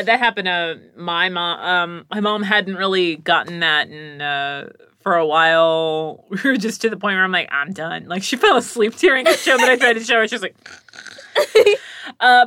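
A woman voice actor in casual chat, talking quickly and acting out the people she quotes. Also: on the low side. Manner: chatty, animated, acts out quoted voices.

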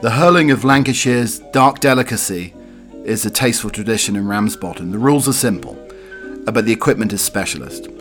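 A man's voice: fairly low pitch, expressive, brisk, a bit bright, faint music behind. A man with a cold hosting a podcast, reading odd news stories and drifting into rambling asides full of fillers. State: has a cold. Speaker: podcast host.

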